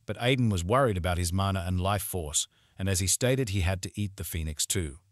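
A man with a deep, low voice retells a fantasy story scene by scene in reported speech. His narration is plain and steady. It is recorded close, in a dry room with no echo. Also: brisk. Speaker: recap narrator. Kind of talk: scripted story recap narration.

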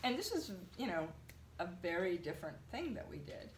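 A woman being interviewed, telling an animated story with lots of fillers. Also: on the low side, moderate pace, roomy sound, a little hiss or hum. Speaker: translator, interviewee. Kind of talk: conversational interview.

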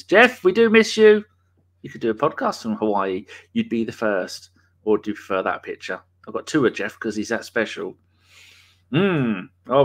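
A man's voice: lowish voice, fairly bright tone. A man, hosting a live podcast and chatting casually, reading out viewers' names with banter and the odd swear. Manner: banter, reads chat names aloud, swears. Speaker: podcast host. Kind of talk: casual live-stream chat.

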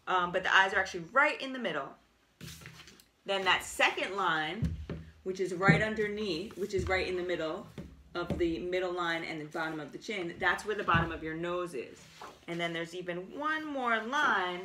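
A woman teaching a children's art lesson, explaining each step gently and praising as she goes. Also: lowish voice, a little hiss or hum.

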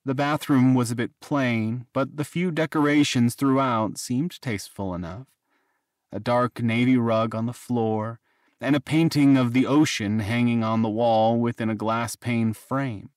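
A man reading a fantasy romance audiobook in a measured, even narration. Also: medium pitch, no echo, studio quality. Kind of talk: scripted narration.

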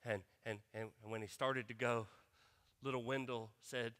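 A man's voice: medium pitch, steady tone, a little slow, fairly bright tone. A middle-aged male pastor preaching a sermon, emphatic and calling on the congregation to answer back. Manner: emphatic, asks the congregation to respond. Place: church sanctuary. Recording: long church reverb.

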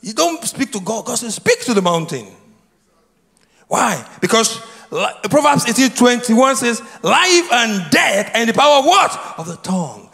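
A man preaching a sermon, his voice set high and swinging widely in pitch as he calls out questions for the congregation to answer back. He repeats key phrases over and over. The sound carries a long reverb from a church hall. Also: big pitch swings, a little slow, vocal fry, sharp tone. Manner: repetitive, prompts congregation to answer. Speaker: pastor. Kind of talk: sermon with call and response. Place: church sanctuary.

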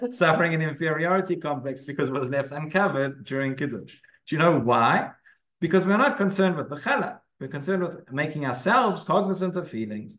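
A man leads a relaxed, conversational class in a synagogue, reading sources aloud and often pausing or restarting. His voice sits somewhat high for a man. The room gives his voice a noticeable echo. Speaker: rabbi teaching a class. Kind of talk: casual spoken Torah class. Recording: echoey room.

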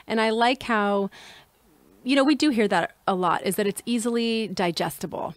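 A woman's voice: mid-range voice, normal speed, no echo. A woman co-hosting a podcast outdoors in a backyard, chatty and goofy, laughing often. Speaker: podcast co-host. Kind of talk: casual chat.

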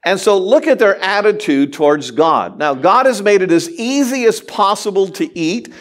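A male pastor delivering a sermon in a church, his voice sitting high for a man. He speaks animatedly to the congregation, mixing humor with his points. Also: animated, normal speed. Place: church sanctuary.

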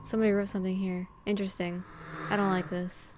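This woman talks fast in a flat, medium-pitched voice, with background noise present. She reads a horror adventure game's text and dialogue aloud in her own voice, tossing in dry jokes, on a studio condenser mic over game music.

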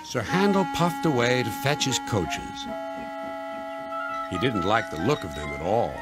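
A man giving scripted narration of a children's story in a gentle, measured way. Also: low-pitched, very animated, faint music behind.

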